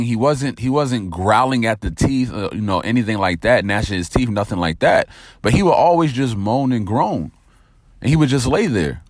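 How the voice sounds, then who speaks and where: A male motivational podcast host speaks in an energetic, direct way. His pitch swings widely as he pushes his point and tells a story. The recording is dry and close, with no room sound. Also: no echo. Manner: energetic, direct, calls listeners "family".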